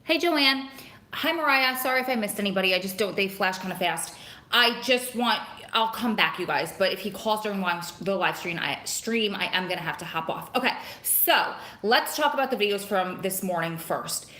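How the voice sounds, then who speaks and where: Chatty bright-voiced woman live-streaming. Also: medium pitch, expressive, normal speed, reverberant. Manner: greets viewers by name, chatty and rambling. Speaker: vlogger hosting a live stream. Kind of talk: casual live-stream chat. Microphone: phone camera.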